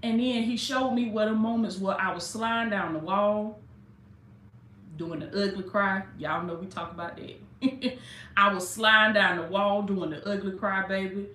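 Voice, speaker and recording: This woman, a life coach and preacher, delivers a live-streamed sermon in a mid-range, sharp voice, keeping a steady tone at a moderate pace. She preaches fervently while addressing listeners directly and casually, slightly jittery from coffee. The room is echoey, with a bit of background noise.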